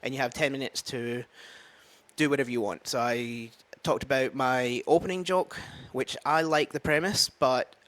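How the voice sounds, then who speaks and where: A man's voice: medium pitch, fairly even intonation, normal speed, fairly bright tone. A man with a Scottish accent, an open mic comedian, chatting casually in a vlog, rambling and thinking aloud with many fillers. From Scotland. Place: at home with a dog.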